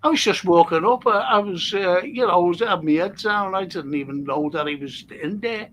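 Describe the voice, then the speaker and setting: A man's voice: high-pitched, fairly bright tone, slight background noise. A man hosting a casual chat show, reading out listener messages and telling jokey stories with frequent laughs. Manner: jokey, laughs often, slow storytelling. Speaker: host and historian.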